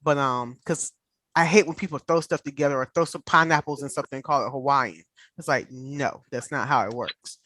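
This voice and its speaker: Woman, Southern US accent, host, animated storyteller, video call, dry. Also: very deep voice, fairly quick, dry recording. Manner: animated, laughs often, storyteller. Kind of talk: casual chat on a video call.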